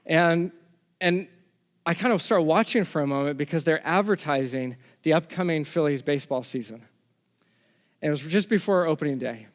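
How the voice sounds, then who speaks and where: A man's voice: fairly high pitch, normal speed, big-room sound. A man from Texas, a pastor giving a sermon in a conversational storytelling way, often restarting his phrases.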